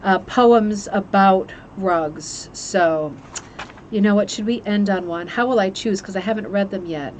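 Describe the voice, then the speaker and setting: A woman's voice: mid-range voice, a little slow, darkish tone, slight background noise. Chatty woman hosting a craft livestream. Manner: chatty and gushing, with fillers and restarts. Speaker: host of a rug hooking club livestream. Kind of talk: casual chat, reviewing a book.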